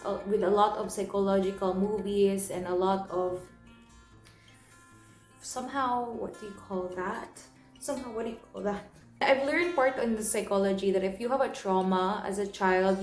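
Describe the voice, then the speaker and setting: A young woman telling a personal story in an earnest, emotional way, often repeating and restarting her phrases. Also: medium pitch. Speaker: vlogger. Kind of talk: personal confessional vlog. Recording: roomy echo, soft guitar music underneath.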